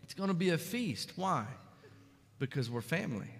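A man preaching a fervent sermon, swinging between loud calls and hushed passages. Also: on the high side, sing-song, moderate pace, gravelly, in a large hall, faint music behind. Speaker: pastor. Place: church sanctuary.

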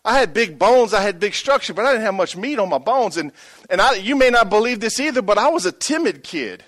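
A man's voice: sits high, lively intonation, fairly quick, a bit bright. A middle-aged pastor preaching a sermon, telling a story and calling out to his congregation for a response.

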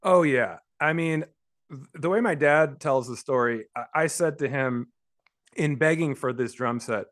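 A man in his forties from Los Angeles, a book author, telling childhood stories as a guest in an interview, animated and often laughing, with frequent restarts. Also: on the high side, measured pace. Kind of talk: conversational storytelling.

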